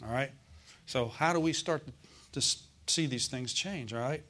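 A man preaching a sermon as pastor, calling out to the congregation and slowing down to stress scripture verses. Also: medium pitch, pushed and bright. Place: church.

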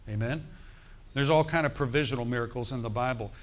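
A man preaching a sermon, animated and quoting scripture, calling out for amens. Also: medium pitch, fast talker.

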